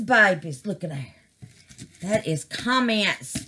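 A woman's voice: medium pitch, expressive, slow, slight background noise. A middle-aged woman chatting casually to her viewers about her craft, calling them babies and honey. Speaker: craft vlogger.

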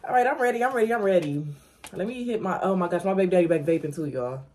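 A woman's voice: lowish voice, fast talker, very noisy. A young woman, chatting casually to viewers in her vlog from home, talking straight to the camera. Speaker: vlogger. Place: at home, indoors. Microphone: camera on a stand.

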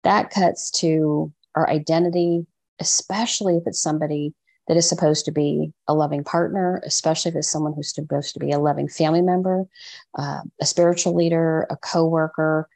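A woman's voice: deep voice, steady tone, a little fast, vocal fry, darkish tone. A woman therapist being interviewed on a podcast, explaining earnestly and acting out quoted voices. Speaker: therapist guest. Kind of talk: conversational interview.

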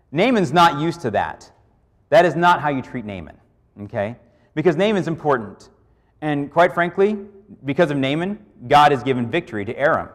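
A man preaching a conversational sermon, often checking in with his listeners by asking "okay?". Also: medium pitch. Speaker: pastor. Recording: long hall reverb.

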